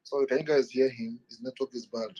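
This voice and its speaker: A Nigerian man hosting a casual live chat, lively and joking, slipping into pidgin. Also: mid-range voice, fast, lo-fi sound. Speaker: host.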